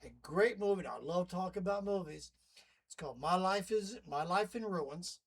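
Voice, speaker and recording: A man's voice: sits high, moderate pace, breathy edge, low-quality recording. A man talking casually to camera in a wry, rambling monologue, styling himself a demon host. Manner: chatty, wry, rambling asides. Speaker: vlogger playing a demon narrator.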